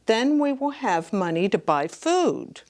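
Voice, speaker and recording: Storybook mom, high and sharp-tongued, scolding her boy, as a woman reads her. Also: sing-song, a little slow. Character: scolding human mother of a boy.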